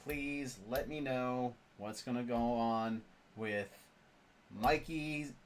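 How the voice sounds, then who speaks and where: A man's voice: medium pitch, slow, slight background noise. A man chatting casually as a tarot reader on a livestream, easygoing and trailing off.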